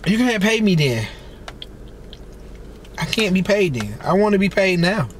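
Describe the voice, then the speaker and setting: A man with a notably high-pitched voice, talking loosely and excitedly through a meal and a rant. He calls out and exclaims between bites in a chatty vlog manner. Faint noise hums underneath. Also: a little slow. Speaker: celebrity blogger and vlogger. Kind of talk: casual rant while eating on camera.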